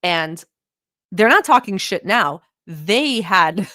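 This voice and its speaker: A woman vlogger from the Middle East reacts to a clip in a loose, profane commentary, laughing between her blunt remarks. Her voice sits at a middle pitch. It is recorded close and dry, with no room sound. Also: animated, slow, bright, forceful tone, no echo.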